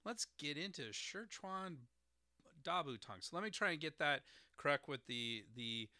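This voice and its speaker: A man's voice: fairly high pitch, expressive, a little slow, pushed and bright, no room sound, studio quality. A man hosting an educational podcast as a doctor of herbal medicine, explaining terms carefully and spelling them out letter by letter.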